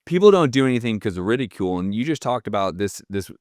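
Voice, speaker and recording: Male podcast host, emphatic and profane, low smooth voice, dry close mic. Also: big pitch swings, fast, darkish tone, dry recording. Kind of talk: casual podcast conversation.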